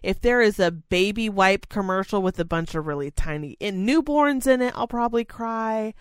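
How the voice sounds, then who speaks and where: A woman's voice: medium pitch, lively intonation, normal speed, clear, resonant tone, no echo. A young woman co-hosting a podcast in casual chat, emotional and teary, swearing freely and gushing as she talks. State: teary, crying while talking. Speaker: podcast co-host.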